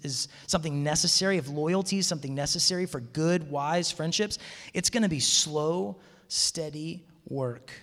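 Casting note: man, high voice, animated storyteller giving a casual sermon to a live audience, long hall reverb. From Seattle area, USA. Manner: animated storytelling, frequent restarts. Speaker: campus minister speaking to students. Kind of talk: conversational sermon talk.

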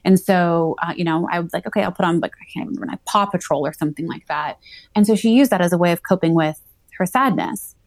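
A woman's voice: fairly low pitch, fast talker, no echo. A woman in her thirties, a psychology doctoral student, talking casually as an interview guest with many fillers and restarts. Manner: chatty, frequent "like" fillers and restarts.

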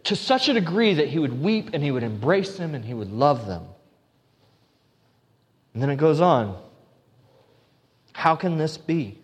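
A man's voice: on the high side, big pitch swings, measured pace, long pauses. A man preaching a sermon as pastor, earnest, with restarts and emphatic repetition. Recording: long hall reverb.

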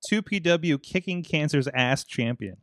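Slightly high-voiced man, eager host. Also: expressive, unhurried, a bit bright, dry recording, clean studio sound. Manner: eager, chuckling, prompting questions. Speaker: podcast host. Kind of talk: casual chat.

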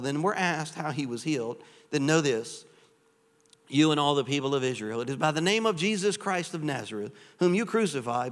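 A man preaches to his congregation, animated and conversational, peppering his talk with rhetorical questions. His voice sits a little high for a man. The sound carries the long reverb of a church sanctuary. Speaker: pastor. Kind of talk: sermon.

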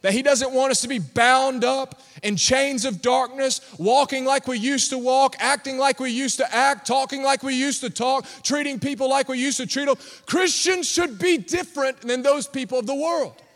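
Preacher, male, very high voice, emphatic delivery, church hall reverb. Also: normal speed, few pauses, a bit bright. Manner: emphatic, call-and-response with congregation. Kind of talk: sermon. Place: church sanctuary. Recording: long reverb of a large hall.

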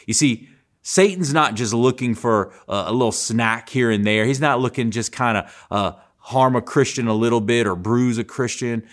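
A man delivers a sermon in an earnest, driving way. His voice sits fairly low, and he keeps repeating key phrases for emphasis. He often stumbles and restarts his sentences. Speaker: preacher.

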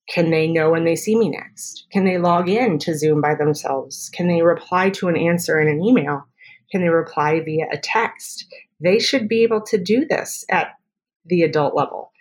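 A woman speech therapist talking through her methods in a podcast interview, chatty and full of quick examples. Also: fairly low pitch, a little mellow.

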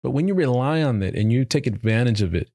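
A man hosting a loose podcast conversation, rattling along at a quick clip. His voice sits close and dry, with no room around it. He talks freely and curses casually. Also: medium pitch, expressive, warm tone, no room sound. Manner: talkative, swears casually, laughs often. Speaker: podcast host. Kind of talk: casual group chat.

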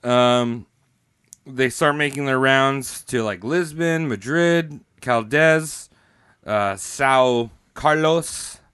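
A man's voice: mid-range voice, extremely slow, fairly bright tone, clear, resonant tone, no room sound, clean studio sound. A man hosting a podcast, telling a history story in a rambling, joking way, often laughing, a little tipsy. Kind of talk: casual comedic storytelling.

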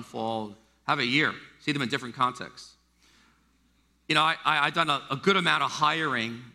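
A middle-aged American man preaching a sermon, animated and acting out the voices he quotes. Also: mid-range voice. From United States. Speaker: pastor. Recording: long hall reverb.

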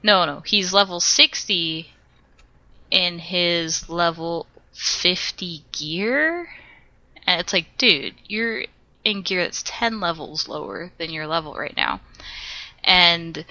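Bright, chatty podcast woman. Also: fairly low pitch, takes it slowly, dry recording, muffled recording. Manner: rambling storyteller, laughs often, swears when acting out quotes. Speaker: podcast co-host. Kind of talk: casual chat.

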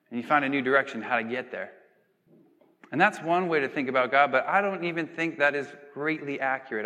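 A young male pastor talking through a sermon in a loose, chatty way, with a bright, forceful voice. He keeps checking in with the listeners and acts out small everyday scenes. The sound rings with the long reverb of a large hall. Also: medium pitch. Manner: conversational, tag questions, acts out little scenes.

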